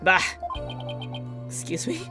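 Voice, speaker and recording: A woman's voice: takes it slowly, over music, natural voice. A woman voicing a pompous, grandiose older male mayor in a game, reading his lines with theatrical, overly courteous declarations. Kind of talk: reading game dialogue aloud.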